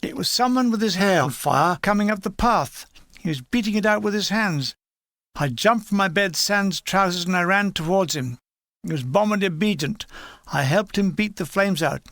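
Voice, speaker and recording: A man's voice: high-pitched, a bit bright, no room sound. An older man reading his own wartime memoir aloud in a dry, wry, matter-of-fact way.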